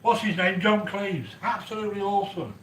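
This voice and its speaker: A man with a fairly high voice rambles excitedly while cooking, chatting to viewers by name. The room is echoey with faint noise behind him. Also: brisk. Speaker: cooking video host. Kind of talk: chatty cooking livestream monologue.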